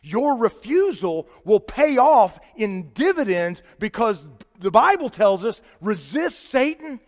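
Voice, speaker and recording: High-voiced preacher in a reverberant sanctuary. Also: male voice, sing-song, slow pace, few pauses. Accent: Midwestern American. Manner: conversational, swings from loud emphatic to quiet and low. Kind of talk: sermon. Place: church sanctuary. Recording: live church sanctuary with long reverb.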